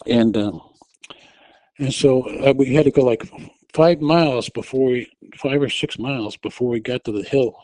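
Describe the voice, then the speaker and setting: A man telling a personal story in a casual, halting way, and he gets loud and urgent when he acts out what he shouted. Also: medium pitch, dry recording, low-quality recording. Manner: relives the moment, shouting quoted directions loudly and urgently; halting, with restarts and fillers.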